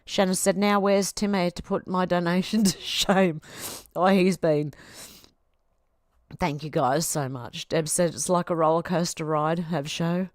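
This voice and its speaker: A woman's voice: lowish voice, fairly even intonation, no room sound, clean studio sound. Teary Australian woman reading chat aloud. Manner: chatty, reads viewer comments in a quick run. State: teary and sniffling. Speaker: livestream host reading chat. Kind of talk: casual livestream chat, reading comments aloud.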